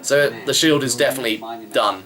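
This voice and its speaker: A man's voice: medium pitch, brisk, music in the background, poor audio. A man giving a chatty, wry running review of a wrestling show, rambling with fillers. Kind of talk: casual vlog review.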